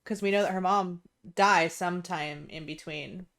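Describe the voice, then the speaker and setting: A young woman co-hosts a podcast, chatting with eager enthusiasm and taking time to explain details. Her voice sits somewhat low. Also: moderate pace, fairly bright tone. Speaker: podcast co-host. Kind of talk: casual chat.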